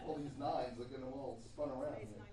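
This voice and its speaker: A pastor preaches a sermon in a brisk, mellow, medium-pitched male voice, repeating points emphatically and hesitating often. The recording sounds distant in an echoey room, with a slight hiss or hum.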